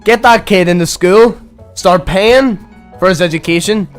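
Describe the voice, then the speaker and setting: A young man, co-hosting a comedic radio show, playful and quick to laugh. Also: high-pitched, faint music behind. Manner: playful, laughs often, eggs the others on. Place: radio studio.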